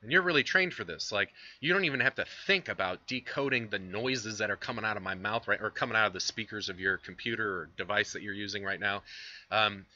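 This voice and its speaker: A man talks through a philosophy reading in a loose, conversational lecture, full of fillers and asides to his viewers. His voice sits on the low side yet sounds very bright and forward. The recording is dull and lo-fi, like a home computer mic. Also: fast talker. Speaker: philosophy instructor.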